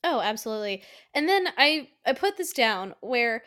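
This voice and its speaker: A woman co-hosting a podcast in casual chat, animated and swearing, acting out quotes from scenes. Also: fairly high pitch, moderate pace. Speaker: podcast co-host.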